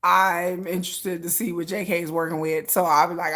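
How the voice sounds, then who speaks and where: A woman's voice: lowish voice, normal speed. A woman hosting a comedic commentary, telling a story with acted-out screams and frequent laughter. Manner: animated storytelling, acts out shouts and screams, laughs often. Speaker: commentary host.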